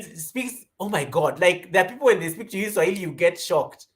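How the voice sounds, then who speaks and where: Expressive and brisk, this Kenyan-accented woman from Kenya hosts a laid-back yoga livestream, chatting through what viewers write. She rambles on, welcomes viewers by name, and often bursts higher and louder.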